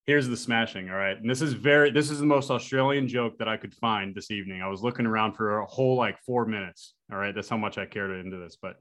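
A man hosting a podcast, chatting casually and telling jokes in an upbeat, energetic way. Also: fairly low pitch, quick pace, few pauses. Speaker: podcast host. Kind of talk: casual chat.

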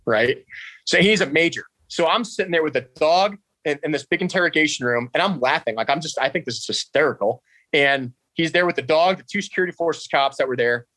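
A man's voice: fairly high pitch, sharp tone, dry recording. A man in his thirties from New Jersey, a podcast guest telling a story in a casual, sarcastic, profane way. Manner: sarcastic, profane, acts out dialogue.

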